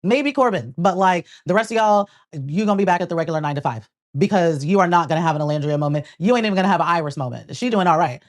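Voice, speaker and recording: A woman's voice: lowish voice, very fast. A woman co-hosting a casual reality TV recap, opinionated, with slangy asides. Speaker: podcast co-host.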